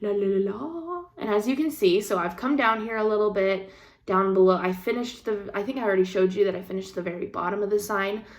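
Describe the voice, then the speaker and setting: A woman's voice: medium pitch, fast talker. A young woman craft vlogger telling a story in casual chat, with frequent laughs and the odd swear word. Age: young adult.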